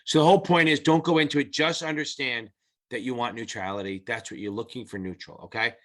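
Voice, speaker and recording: A middle-aged male tutor gives a casual whiteboard lesson on exam material, speaking fast in a bright, forceful, medium-pitched voice with a steady tone. He's blunt and profane, rambling unscripted and circling back to restate his points.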